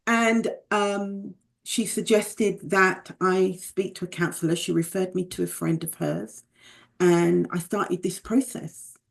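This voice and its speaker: Middle-aged British woman guest, gravelly low voice, candid reflective storyteller. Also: fairly even intonation, slow pace. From United Kingdom. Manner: reflective, candid, with faith remarks. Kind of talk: personal storytelling in conversation.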